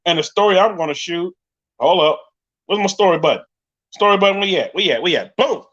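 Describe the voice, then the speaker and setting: A man with a New York accent chats on a live podcast stream, fast and hyped, talking straight to his viewers. His voice sits a little high. The audio is dull and lo-fi. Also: a bit bright. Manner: hyped, talkative, addresses viewers directly. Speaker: podcast host. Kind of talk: casual live-stream chat.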